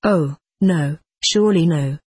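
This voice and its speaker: A woman narrates a first-person story as an audiobook, in a measured, solemn, dramatic style. Her voice is low, slightly mellow and a touch rough, with no echo.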